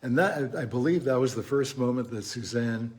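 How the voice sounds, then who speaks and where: A man's voice: medium pitch, a little fast, darkish tone. An older man co-hosting a casual chat, joking and telling rambling anecdotes. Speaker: co-host.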